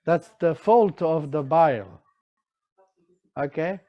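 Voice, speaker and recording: Slow-talking man teaching a class. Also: fairly high pitch, dull audio. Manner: checks in with listeners often, acts out students' excuses. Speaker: teacher of Tibetan medicine. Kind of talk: lecture to a class.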